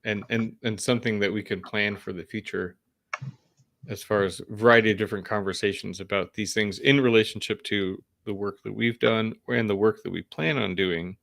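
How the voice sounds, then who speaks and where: A man co-hosting a podcast in casual chat, relaxed and thoughtful with some fillers. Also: on the low side, normal speed, gravelly. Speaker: podcast co-host.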